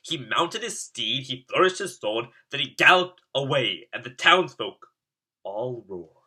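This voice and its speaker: Bright, husky man reading a storybook. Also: medium pitch, sing-song, measured pace. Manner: sing-song rhyming delivery. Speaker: storybook reader.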